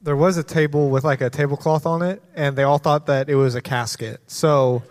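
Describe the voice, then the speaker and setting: A man's voice: fairly high pitch, fairly even intonation, fairly quick, darkish tone. A man, a pastor joking and interjecting on a church stage into a stage microphone.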